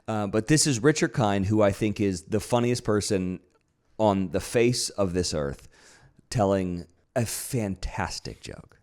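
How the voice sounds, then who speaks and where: A man co-hosting a golf podcast, chatting in a relaxed, enthusiastic way. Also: on the low side, unhurried. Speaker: podcast co-host and editor. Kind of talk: casual chat.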